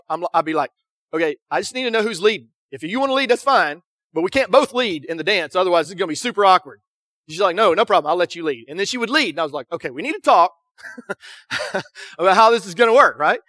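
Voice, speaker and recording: A middle-aged man preaching a sermon, telling stories with quick acted quotes and a frequent "right?". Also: high-pitched, sharp tone, no room sound, clean studio sound. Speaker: pastor.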